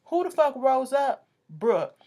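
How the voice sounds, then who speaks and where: A woman's voice: sits high, takes it slowly, gravelly. A woman giving a sassy, profane recap of a reality show episode, acting out the cast's quarrels. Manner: animated, sassy, swears freely, acts out quotes.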